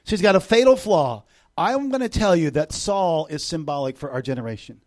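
Preaching as a visitor to a church congregation, a middle-aged man speaks at a fairly high pitch and a brisk pace. He's animated, moving between loud bursts and hushed, intimate stretches, with jokes tossed in as asides.

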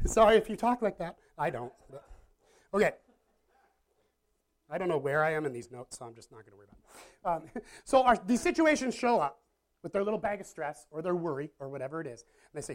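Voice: medium pitch, sing-song, a little fast, pauses often. Chatty preacher talking to a live audience. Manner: chatty, self-deprecating, asks the audience questions. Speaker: pastor. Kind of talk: casual conversational sermon. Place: church or meeting room with a live audience.

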